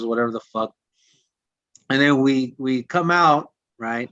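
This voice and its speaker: A man's voice: mid-range voice, moderate pace, no room sound. A man co-hosting a podcast, telling stories in casual chat, swearing constantly and acting out what people said. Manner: animated, swears constantly, acts out quotes. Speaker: podcast co-host. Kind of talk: casual profane storytelling. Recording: dull lo-fi dry sound.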